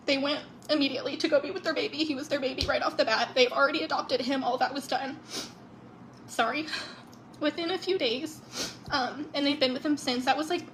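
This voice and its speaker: Tearful woman, high voice, halting. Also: fairly bright tone, a little hiss or hum. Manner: halting, many ums and apologies. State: tearful, crying. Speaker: sister telling a family story. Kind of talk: emotional social-media storytelling.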